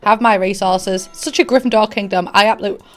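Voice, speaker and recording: A woman's voice: mid-range voice, fast talker, a bit bright, soft background music. A young woman with a Teesside accent, chatting cheekily through a life-sim game for her viewers and swearing freely. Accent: Teesside English. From Middlesbrough, England. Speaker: gaming YouTuber. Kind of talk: casual let's-play commentary.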